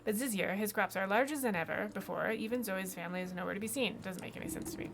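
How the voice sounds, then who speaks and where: A woman voicing a hefty gourd-headed male vegetable farmer with a put-on German accent and a gruff, grumbling manner. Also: mid-range voice, fast, noisy background, lightly acted. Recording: game music playing behind.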